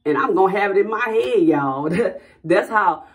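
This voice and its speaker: A woman talks straight to her viewers in a relaxed vlog. She rambles in a chatty, personal way and keeps calling her audience y'all. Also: medium pitch, normal speed. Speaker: vlogger. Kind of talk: casual talk to camera.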